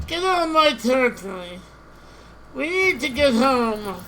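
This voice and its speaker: A woman playing a strategy game live, exasperated, repeating herself and shouting at units on screen. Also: high-pitched, sing-song, measured pace, a little hiss or hum, poor audio. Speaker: gamer.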